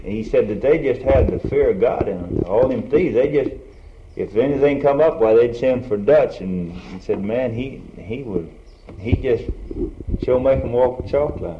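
Guy talking slow and halting, lots of uhs, roomy old tape sound. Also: medium pitch, muffled recording, a little hiss or hum. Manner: halting, hesitant, many fillers. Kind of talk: casual oral history chat.

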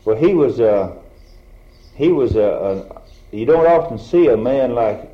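A man chatting about the past in a halting, hesitant way with many fillers. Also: mid-range voice, lively intonation. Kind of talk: casual oral history chat. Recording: roomy, dull old tape recording.

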